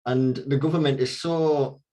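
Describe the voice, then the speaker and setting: A man speaks on a political panel as a councillor. He makes his case earnestly and with emphasis, at an ordinary pitch for a man. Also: steady tone, measured pace, warm tone.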